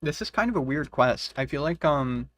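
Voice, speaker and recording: A man's voice: on the high side, lively intonation, moderate pace, fairly bright tone, dry recording. A man casually commenting on a game he is playing, swearing freely and reading the quest guide aloud. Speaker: game streamer. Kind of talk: casual let's-play commentary.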